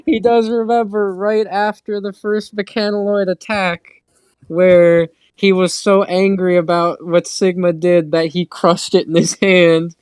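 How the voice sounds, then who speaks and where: Slow chill game master, lots of ums and laughs, dry close mic. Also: mid-range voice, little pitch movement, darkish tone, smooth, no room sound. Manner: hesitant, laughing often. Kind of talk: narrating a tabletop game.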